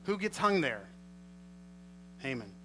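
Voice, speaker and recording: A male pastor preaching a sermon, reading scripture and retelling it with animated storytelling. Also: medium pitch, slow, slight background noise, rough recording. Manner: animated storytelling, acts out scenes.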